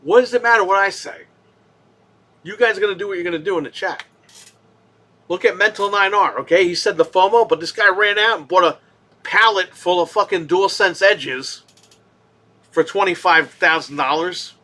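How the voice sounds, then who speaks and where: A man hosts a live gaming stream in a high, bright voice. He rants with heavy swearing and heat. He swings from low grumbling to loud outbursts. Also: normal speed, long pauses. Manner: profane, heated ranting. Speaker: gaming podcast host.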